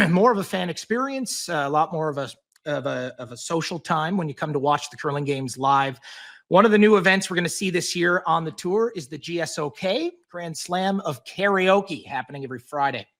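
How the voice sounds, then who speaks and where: Casting: Canadian male podcast co-host, fairly high voice, playful and teasing. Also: fairly bright tone. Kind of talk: casual podcast chat.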